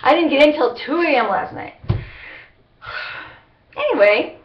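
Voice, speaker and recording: A woman talking to camera in a rambling personal vlog, halting and restarting often. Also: sits high, animated. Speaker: vlogger. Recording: roomy, dull lo-fi webcam sound.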